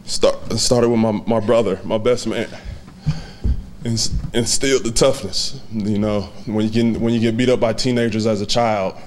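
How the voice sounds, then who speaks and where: Low-voiced man giving an emotional acceptance speech. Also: fairly even intonation, a little mellow, a little hiss or hum. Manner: heartfelt, halting, close to tears with small laughs. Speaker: hall of fame inductee.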